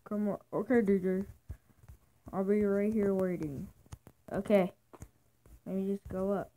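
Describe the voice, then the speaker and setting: A woman doing a casual game role-play, talking slowly and hesitantly with many fillers. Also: mid-range voice, fairly even intonation, warm tone. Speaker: game video maker. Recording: noisy home recording.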